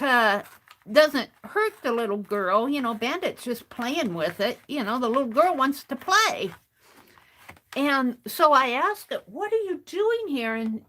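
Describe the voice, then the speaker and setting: A woman's voice: sits high, a bit bright. A woman hosting a craft stream, telling a rambling, chatty story in a casual way and often restarting her phrases.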